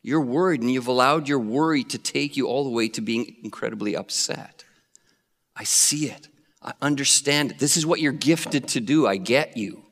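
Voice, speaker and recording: A man voicing a gentle, patient male teacher, speaking softly, slowly and tenderly. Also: medium pitch. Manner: soft, slow and tender. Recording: long reverb of a hall.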